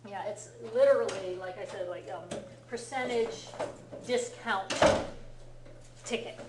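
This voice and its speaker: A woman's voice: medium pitch, unhurried. An American woman teaching a casual language lesson, explaining patiently and encouraging her student, with plenty of fillers. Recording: roomy room from far off, faint hum.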